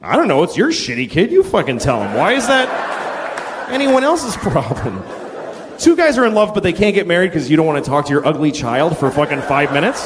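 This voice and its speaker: A middle-aged man doing a stand-up comedy set, ranting and swearing and acting out shouted characters. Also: a little high, background noise. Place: large theater with a laughing audience. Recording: live theater recording, hall echo, crowd laughter.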